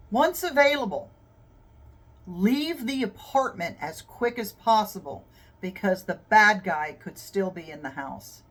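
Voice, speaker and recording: A woman hosting a self-defense show, telling a story in an earnest, measured way and laughing at her own slips. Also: mid-range voice, a bit bright. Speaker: host of a self-defense channel. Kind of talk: scripted storytelling narration.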